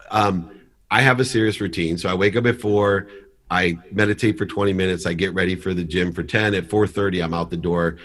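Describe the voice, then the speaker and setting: A man's voice: deep voice, brisk. A middle-aged man, a podcast guest, telling a story and acting out the dialogue. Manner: animated storyteller, acts out dialogue.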